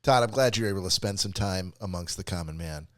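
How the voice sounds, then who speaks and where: A man's voice: sits low, brisk, dry recording, clean studio sound. A man co-hosting a comedy podcast, teasing his friend and setting up bits. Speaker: podcast co-host. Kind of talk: casual comedic banter.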